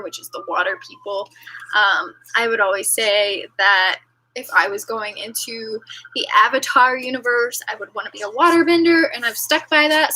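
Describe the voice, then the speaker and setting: A woman's voice: a little high, pushed and bright, poor audio. A young woman hosting a live stream, chatting casually and rambling with lots of fillers and giggles. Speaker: livestream host. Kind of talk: casual livestream chat with viewers.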